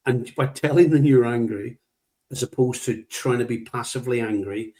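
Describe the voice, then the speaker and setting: A man's voice: medium pitch, normal speed, mellow. A middle-aged British man, a leadership trainer being interviewed, talking emphatically, repeating key words and acting out what he would say. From United Kingdom. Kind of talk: conversational interview, anecdotal.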